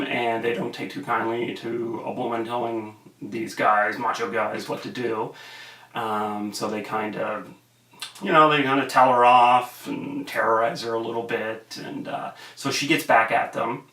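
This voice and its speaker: A young man talks through a film review in a loose, rambling way, often stalling on fillers. His voice is bright and a little gravelly. The sound is roomy and echoey, and the mic sits some way off. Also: mid-range voice. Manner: rambling, hesitant with many fillers. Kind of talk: casual video review. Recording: roomy echo, mic at a distance.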